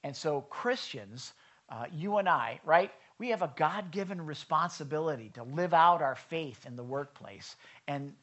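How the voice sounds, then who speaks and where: A man's voice: fairly high pitch, lively intonation, moderate pace, fairly bright tone. Conversational male pastor, lo-fi church recording. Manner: conversational, quizzes the congregation. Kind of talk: sermon. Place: church service.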